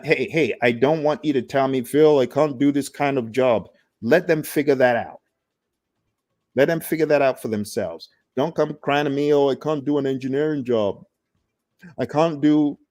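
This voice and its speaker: A man at a medium pitch gives a motivational livestream talk as a coach. He is emphatic and preachy, drops in casual slang, and hammers his points home by repeating phrases. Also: a little mellow, no room sound, studio quality. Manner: casual slang like "ain't" and "gotta". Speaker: PMP coach and trainer.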